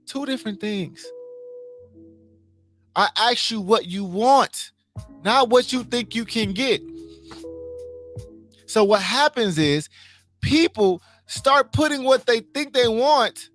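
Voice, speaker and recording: A man's voice: very high-pitched, animated, takes it slowly, pauses often, fairly bright tone, soft background music. A man hosting a casual motivational livestream, emphatic, repeating his points and asking his listeners questions.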